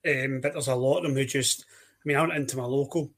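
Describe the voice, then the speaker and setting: A man's voice: medium pitch, fairly even intonation, fast talker. A Scottish man co-hosting a podcast, chatting casually in a wry, storytelling way. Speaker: podcast co-host.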